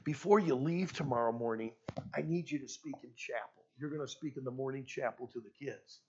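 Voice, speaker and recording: A man's voice: medium pitch, a little fast, highs cut off, slight background noise, pitched below the performer's own voice, lightly acted. Pushy friend, as a man tells it. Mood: insistent. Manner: firm and pushy. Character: insistent adult male missionary friend.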